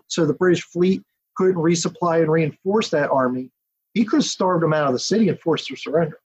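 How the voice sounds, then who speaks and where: Husky, higher-pitched man explaining at length. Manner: detailed, steady storytelling with asides. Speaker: author and historian guest. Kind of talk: podcast interview, explaining history. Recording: dull lo-fi audio.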